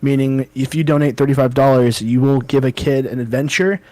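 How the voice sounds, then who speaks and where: A man's voice: mid-range voice, brisk, dry recording. A young man co-hosting a casual podcast, telling stories animatedly and reading out donation details. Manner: animated storyteller. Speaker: podcast co-host. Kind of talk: casual chat.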